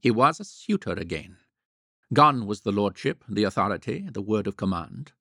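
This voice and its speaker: A man reading a novel aloud in a wry, measured storytelling manner. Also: on the low side, big pitch swings, vocal fry, a bit bright, breathy edge, no echo, clean studio sound. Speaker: audiobook narrator. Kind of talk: scripted narration.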